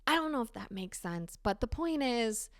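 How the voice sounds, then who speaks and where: A woman hosting a solo podcast, talking candidly and swearing freely with animated emphasis. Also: a little high, moderate pace, no room sound, clean studio sound. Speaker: podcast host. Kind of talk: casual solo podcast monologue.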